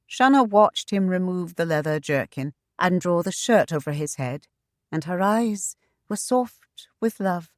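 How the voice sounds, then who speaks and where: A woman reading a historical romance audiobook in a measured, expressive way. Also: lowish voice, no room sound, clean studio sound. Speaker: audiobook narrator. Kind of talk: scripted narration.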